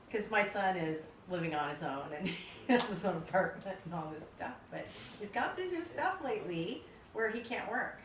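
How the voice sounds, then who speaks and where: A middle-aged mother sharing with a support group, halting and hesitant, restarting her sentences. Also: fairly low pitch. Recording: echoey room, distant mic, faint noise.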